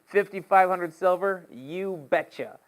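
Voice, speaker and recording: A man's voice: sits high, a little slow, pitched above the performer's own voice, poor audio. A man voicing a scheming, flippant young wife with a pouty streak as he retells a story.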